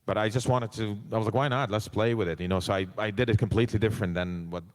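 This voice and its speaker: A man telling lively stories as a guest on a convention panel, acting out the voices of the people he quotes and swearing casually. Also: fairly low pitch, fast talker. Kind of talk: animated storytelling. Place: convention hall stage. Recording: long hall reverb.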